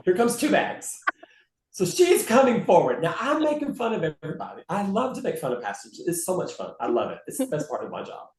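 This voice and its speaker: A man's voice: high-pitched, huge pitch swings, quick pace, hardly any pauses, darkish tone, roomy sound. A man who works as a flight attendant, telling stories in an interview and mimicking the passengers he talks about. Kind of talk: conversational storytelling interview.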